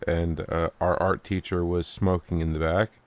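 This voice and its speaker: A man's voice: low voice, level tone, moderate pace, a little mellow. A man in casual podcast chat, telling swearing, laughing stories.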